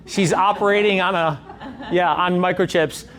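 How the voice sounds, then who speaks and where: A man's voice: high voice, fairly even intonation, moderate pace, music in the background. A middle-aged man as a sales coach, talking emphatically and repeating his points in a coaching session.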